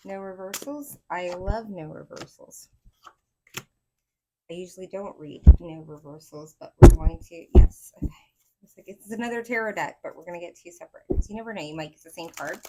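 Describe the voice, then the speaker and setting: A woman with a Southern accent giving a casual pick-a-card tarot reading, excitable and rambling as she talks to her viewers. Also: on the low side, vocal fry, background noise. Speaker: tarot reader.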